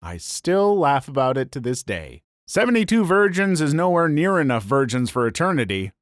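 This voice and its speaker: A man narrating online stories in a scripted, lively and comic way. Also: a little high, moderate pace, no room sound, clean studio sound. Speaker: story narrator.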